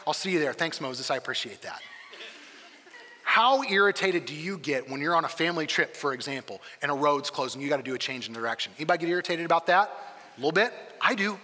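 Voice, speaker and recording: A male pastor delivers a sermon with a high, bright and forceful voice. He tells the story with energy, slipping into the voices of the people he quotes. A long reverb trails behind him in a large hall. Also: fast. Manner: lively storyteller who acts out quoted lines. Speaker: campus pastor.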